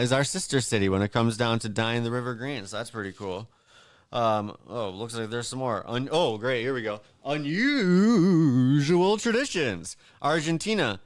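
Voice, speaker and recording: A man talks on his own as a show host, working through a list of facts and drifting off into wisecracks. His voice comes through smooth and clean, recorded close and dry with no room sound. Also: mid-range voice, dry recording. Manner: joking, rambling asides with frequent fillers and laughs. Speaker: podcast host. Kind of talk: casual solo monologue reading holiday facts.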